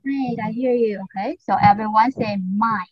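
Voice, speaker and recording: A woman teaching English to young learners over a video call, speaking slowly and patiently with lots of encouragement and careful repetition. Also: mid-range voice, highs cut off, slight background noise. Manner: patient, slow and encouraging, repeats words carefully. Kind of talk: online class drills.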